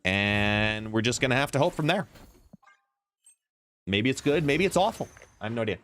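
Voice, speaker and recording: A man's voice: fairly low pitch, animated, normal speed, fairly bright tone. A man streaming a card game live, explaining plays and chatting as he greets viewers by name. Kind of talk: live gameplay commentary and chat. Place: home, seated.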